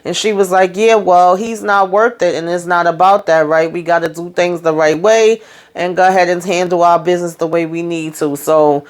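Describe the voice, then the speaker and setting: Lady doing a chatty episode recap, kinda low voice, acts out the lines with cussing. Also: steady tone, normal speed. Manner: retells scenes in quoted dialogue, salty slang. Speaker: YouTube recap host.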